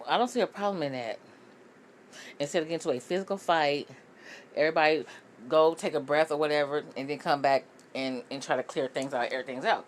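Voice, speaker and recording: A low-voiced woman hosts a casual reaction commentary, blunt and full of profanity. Her talk is loose and opinionated. Faint noise hums behind her. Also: quick pace. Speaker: host.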